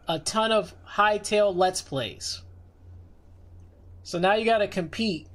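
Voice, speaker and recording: A young man chatting casually on his livestream as a VTuber, rambling and conversational. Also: a little high. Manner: rambling, conversational, with frequent restarts and fillers. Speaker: VTuber streamer.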